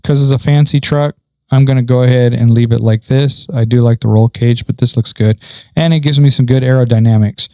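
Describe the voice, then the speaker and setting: A man's voice: mid-range voice, fairly even intonation, fairly quick, warm tone, smooth, no room sound. A man talking casually through a farming game setup, thinking aloud with frequent ums. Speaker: gaming channel host. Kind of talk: casual gameplay commentary.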